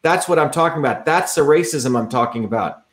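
A man's voice: fairly high pitch, animated, brisk. Fiery man rallying his supporters. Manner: repetitive, rallying and combative. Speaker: political candidate. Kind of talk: livestream campaign talk.

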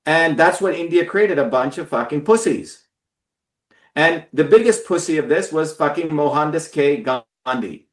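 A man's voice: on the high side, lively intonation, normal speed, roomy sound. A man hosting a live stream, giving a blunt, profane, emphatic political monologue to viewers. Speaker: host of a live call-in stream.

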